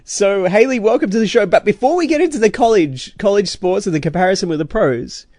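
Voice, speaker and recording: A man's voice: high-pitched, animated, brisk, a little mellow, no echo, studio quality. A man hosting a sports podcast, talking in a rambling, emphatic way. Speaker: podcast host. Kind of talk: casual sports podcast chat.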